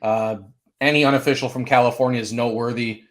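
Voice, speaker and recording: Measured man with frequent fillers. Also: mid-range voice, fairly even intonation. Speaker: recruiting analyst co-host. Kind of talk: casual sports podcast chat.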